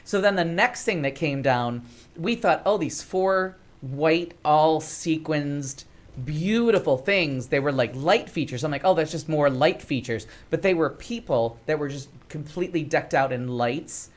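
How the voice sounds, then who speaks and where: A woman's voice: deep voice, normal speed. An American woman co-hosting a talk show, telling a long story in casual chat and filling it with "like". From United States. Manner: animated storyteller, lots of "like". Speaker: podcast co-host.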